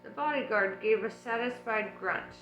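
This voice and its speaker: A woman reading an audiobook aloud in an unhurried, relaxed way, with chatty asides. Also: fairly high pitch, reverberant, faint music behind, rough recording. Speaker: audiobook reader.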